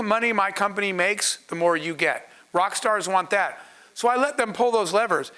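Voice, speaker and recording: Founder guy telling a story to a crowd, pretty high voice, talks like he's chatting with them. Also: sharp tone. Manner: earnest, conversational, with asides to the audience. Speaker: startup founder speaking on a panel. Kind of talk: storytelling talk to an audience.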